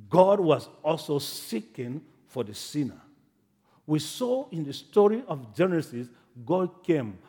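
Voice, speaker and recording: Husky high-voiced dramatic preacher man. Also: big-room sound. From Africa. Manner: dramatic storytelling, swings from hushed to shouting. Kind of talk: sermon. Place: church in America.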